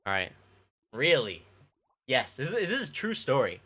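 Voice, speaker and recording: A man's voice: mid-range voice, huge pitch swings, moderate pace, pushed and bright, slightly rough. A young man casually telling childhood stories to his stream chat, rambling and swearing with plenty of fillers. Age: young adult. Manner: rambling, profane, lots of fillers.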